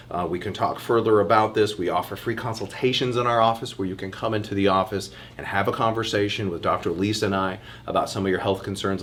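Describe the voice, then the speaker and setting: A man, a chiropractor, giving a casual online health workshop. He talks to his listeners in a chatty, animated way and calls them "you guys". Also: on the low side.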